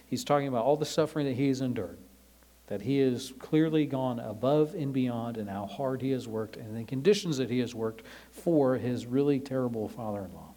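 Man teaching scripture, relaxed. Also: mid-range voice, fairly quick. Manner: relaxed, with frequent "um" fillers; explains scripture in everyday paraphrase. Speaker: Bible teacher. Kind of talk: conversational Bible teaching.

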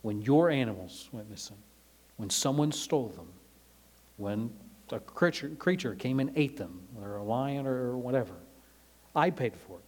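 A man giving a conversational Bible lesson, relaxed and filling pauses with frequent "um"s while he explains passages in everyday words. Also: mid-range voice. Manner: explains scripture in everyday paraphrase. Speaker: Bible teacher.

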